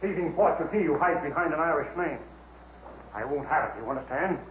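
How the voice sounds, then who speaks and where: A man plays a bossy, bigoted older father in an old film who blusters and lays down the law at a fast clip. The voice sounds roomy and dull. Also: a little high, expressive, slight background noise, lightly acted. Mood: domineering. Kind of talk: 1940s film acting.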